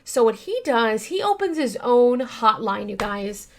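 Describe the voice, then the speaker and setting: Woman true-crime podcaster, bright higher voice, rambling casual delivery full of fillers, earnest, yawns at times. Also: sing-song, unhurried, a little hiss or hum. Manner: chatty, many fillers, addresses listeners as you guys; earnest and upset by the case. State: yawning now and then. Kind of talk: casual storytelling.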